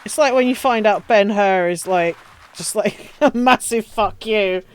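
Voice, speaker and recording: A woman's voice: mid-range voice, a little slow, clean tone, faint music behind. A woman streaming a building game, chatting casually, swearing, ranting and laughing often. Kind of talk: casual live-stream chat while playing.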